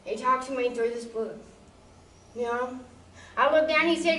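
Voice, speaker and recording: A woman's voice: high voice, unhurried, long pauses, pushed and bright, echoey room, recorded from a distance, poor audio. A woman giving an emotional, conversational church testimony, often checking in with her listeners. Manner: emotional, conversational, often asks "you know?". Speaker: testimony speaker.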